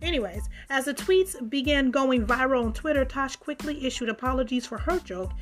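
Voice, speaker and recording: A woman's voice: high-pitched, lively intonation, fairly quick, soft background music. A woman hosting a podcast, reading out news and reacting bluntly and indignantly, swearing freely. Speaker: podcast host. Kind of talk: casual news commentary.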